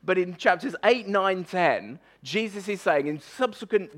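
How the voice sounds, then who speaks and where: A man preaching a conversational sermon, emphatic and animated, often stumbling and repeating words as he goes. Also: high voice, a little slow. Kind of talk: conversational sermon on a Bible passage.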